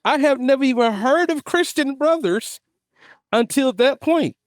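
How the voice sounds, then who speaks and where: A man's voice: very high voice, animated, unhurried, no room sound, studio quality. A man hosting a casual podcast, telling stories in loose slang and laughing often. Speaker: podcast host. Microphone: studio podcast mic.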